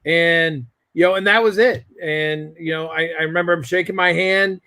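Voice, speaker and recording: A man's voice: a little high, steady tone, moderate pace, pushed and bright, no echo. A man in a casual chat, telling a family story in a rambling way, with many restarts and fillers. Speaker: guest.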